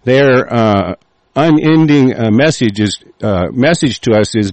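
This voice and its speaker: A man hosting a show, reading aloud with halting fillers and breaking into profane, furious rants. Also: mid-range voice, lively intonation, darkish tone, no echo, rough recording. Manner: hesitant, many fillers while reading.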